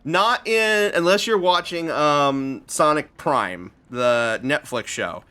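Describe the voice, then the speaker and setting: A man's voice: on the high side, animated, takes it slowly, bright, forceful tone, clean tone. A male streamer giving casual, rambling commentary over a game, laughing often.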